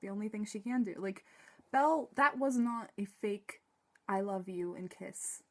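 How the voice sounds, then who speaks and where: A young woman gives a casual, rambling review of a TV episode, excitable and sighing, laughing and swearing as she talks. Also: mid-range voice, measured pace. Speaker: TV fan reviewer.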